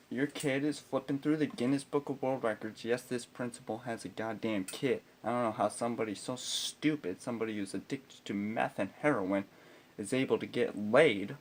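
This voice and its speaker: A man's voice of medium pitch and moderate pace tells, as a teenage boy, a profane comic story about school. He rants with constant swearing and exasperation, with guitar accompanying the comedic storytelling.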